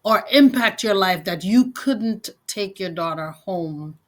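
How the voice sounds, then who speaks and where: A woman hosting an interview podcast, asking short gentle questions and affirming her guest. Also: medium pitch, lively intonation, takes it slowly. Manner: brief affirming backchannels and gentle prompts. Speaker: podcast host.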